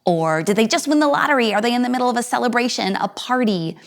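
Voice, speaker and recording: A woman teaching an acting lesson to viewers at home, acting out each voice as she explains it and leaping suddenly high or low. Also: expressive, fast talker, vocal fry.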